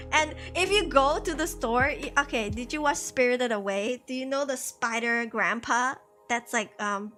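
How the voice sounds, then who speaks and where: A young woman in her twenties, a VTuber streamer, chats casually into a headset in a pushed, bright voice on the high side. She talks in slang and laughs often.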